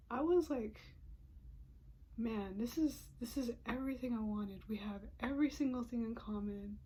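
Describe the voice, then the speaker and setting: A woman's voice: fairly high pitch, warm tone, breathy edge. A young adult woman vlogger telling a personal story in a storytime monologue, emotional and often dropping into whispered asides, with frequent "you know" fillers.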